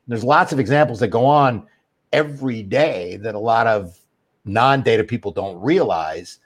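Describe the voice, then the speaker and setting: A man's voice: medium pitch, normal speed. A middle-aged man, a guest expert in an interview, explaining a technical subject steadily with everyday examples. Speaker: guest expert on master data.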